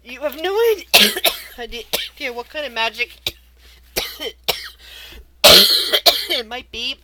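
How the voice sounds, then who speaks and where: A woman's voice: fairly high pitch, expressive, very slow, sharp tone, rough recording. A woman narrating a tabletop game as game master, describing scenes in an eerie storytelling way.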